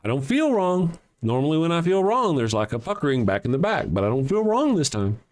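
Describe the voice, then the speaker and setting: A man's voice: on the high side, sing-song, a little fast. A man hosting a solo commentary show, talking in a sarcastic, profane, mocking way. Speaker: host.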